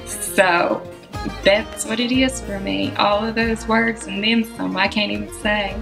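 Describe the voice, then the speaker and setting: A woman with a Southern American accent, speaking as a guest in a relaxed, reflective interview and laughing often. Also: mid-range voice, slow pace, vocal fry, long pauses, music in the background, poor audio. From Southern United States. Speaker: guest musician.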